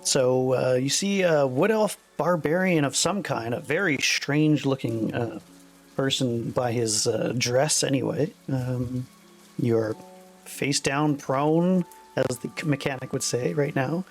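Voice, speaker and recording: A man narrating as dungeon master, relaxed and halting, with many fillers, over a voice call. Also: medium pitch, soft background music. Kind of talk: narrating a tabletop game.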